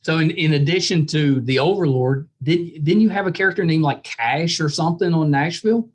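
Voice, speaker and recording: A man hosting a podcast interview, friendly and quick to laugh, nodding along with short replies. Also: on the high side. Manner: friendly, laughs often, fills with yeah. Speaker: podcast host. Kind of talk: casual interview chat.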